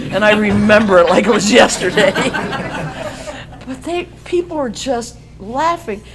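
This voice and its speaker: A woman's voice: medium pitch, a little hiss or hum, poor audio. A woman in her sixties, a radio host, telling a folksy, self-mocking story to a school audience, singing bits and laughing at her own jokes. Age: 60s. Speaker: radio host speaking to students. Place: school auditorium.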